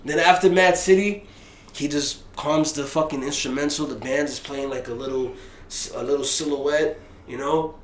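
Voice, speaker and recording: A young man, a rapper being interviewed, telling a story in casual, animated fashion, dropping low and hushed and then rising loud and excited. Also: moderate pace. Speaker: rapper guest. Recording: roomy echo.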